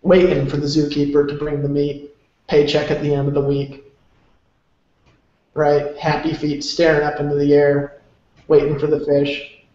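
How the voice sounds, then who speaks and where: Man, motivational talk, rambling and emphatic, fairly high voice, heavy echo, dull lo-fi sound. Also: completely flat delivery, normal speed, long pauses, a little mellow. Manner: emphatic, rambling, salty language. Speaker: motivational speaker. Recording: very echoey, dull lo-fi room sound.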